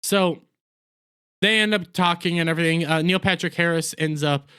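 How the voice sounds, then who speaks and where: A man's voice: on the high side, moderate pace, pushed and bright, clear, resonant tone. Blunt, crude-talking man ranting in a review. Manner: blunt, crude, sarcastic, rambling with restarts. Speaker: video reviewer.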